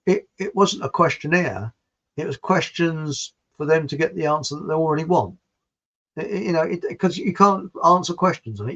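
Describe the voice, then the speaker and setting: A man's voice: mid-range voice, a bit bright, slightly rough. Rambling man, muffled sound. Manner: chatty, meandering, repeats words, drifts between topics. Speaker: livestream host reading viewer comments. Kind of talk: rambling casual monologue.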